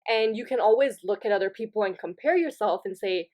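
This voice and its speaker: A young woman hosts her own podcast, telling a funny story solo in a rambling, self-mocking way and often breaking into giggles. Her voice is medium-pitched and darkish in tone, and she speaks fairly quickly.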